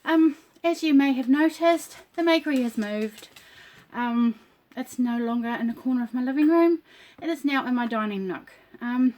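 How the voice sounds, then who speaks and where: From the dining nook in her home, a middle-aged crafting vlogger chats casually to camera about her crafts, rambling with plenty of ums and coughing now and then. Her voice is high with a darkish tone, and she speaks at a moderate pace.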